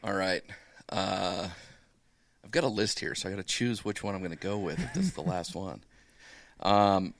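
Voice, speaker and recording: A man co-hosting a podcast, telling a bar story in a relaxed way and laughing often. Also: low voice, moderate pace, creaky, no room sound. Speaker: podcast co-host. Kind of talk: casual podcast banter.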